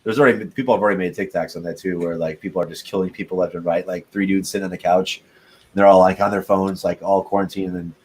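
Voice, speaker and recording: Rambling low-voiced young man. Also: steady tone, fast talker, darkish tone, breathy edge, poor audio. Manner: rambling, swears a lot, laughs often. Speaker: podcast host. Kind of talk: casual chat.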